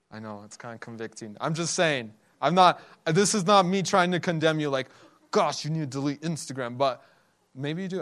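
A man's voice: a little high, a bit bright. Young man preaching a casual sermon. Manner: conversational, laughs often, acts out quotes in the story.

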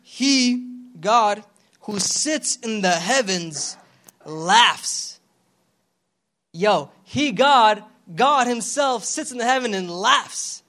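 High-voiced slangy young preacher man. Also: very slow. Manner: slangy, animated, calls for crowd responses. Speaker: pastor. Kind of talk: casual youth sermon.

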